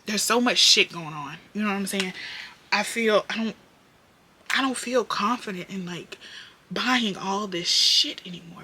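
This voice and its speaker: A young woman vlogging from home, chatting openly and profanely with her viewers while she works on her makeup. Her voice is bright and forceful, dropping to a mutter now and then before it springs back up loud. A faint hiss sits under the recording. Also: mid-range voice, unhurried. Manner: candid, profane, talks straight to viewers; drops into muttered whispers then bursts loud. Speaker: beauty vlogger. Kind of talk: casual chat while doing makeup.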